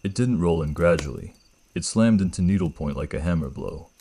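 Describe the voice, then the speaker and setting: A man narrating a first-person horror story in a grave, measured way. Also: deep voice, expressive, warm tone, a little hiss or hum.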